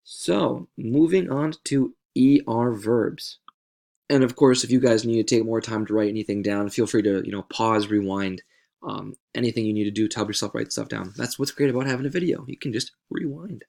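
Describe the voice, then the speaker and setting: A man's voice: mid-range voice, moderate pace, creaky, a little mellow. A man teaching Spanish verb endings in a video lesson, patient and repeating words to stress how they sound.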